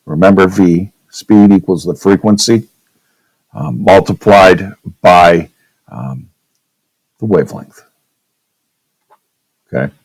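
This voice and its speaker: A man's voice: deep voice, slow pace, long pauses, a little mellow, dry recording, rough recording. A male teacher giving a casual classroom physics lecture at a whiteboard, often checking in with "okay?". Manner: casual, checks in with "okay?", demonstrates with his own voice.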